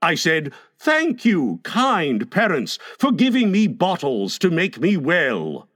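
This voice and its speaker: A man's voice: a little high, wildly swooping pitch, slow, a bit bright, full character voice. A man playing a pompous blustering father. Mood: indignant. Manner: blustering, indignant. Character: pompous, self-pitying middle-aged father.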